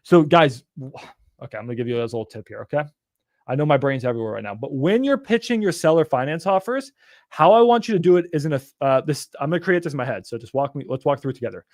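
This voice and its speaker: A man teaching on a live stream in an energetic, rambling way, with some swearing. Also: a little high, fast, no echo, studio quality. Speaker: real estate investor teaching on a live stream.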